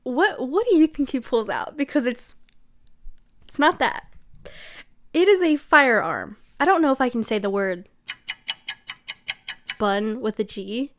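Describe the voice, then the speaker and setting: A woman's voice: fairly high pitch, animated, unhurried, long pauses, a bit bright. A woman giving a casual book recap with a chatty, sarcastic manner, often breaking into giggles. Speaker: book reviewer.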